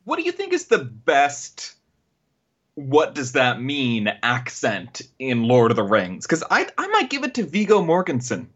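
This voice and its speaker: Husky-voiced man podcast guest, somewhat high, very animated and joking. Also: muffled recording. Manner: jokey, quick with bits and impressions. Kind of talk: casual podcast chat.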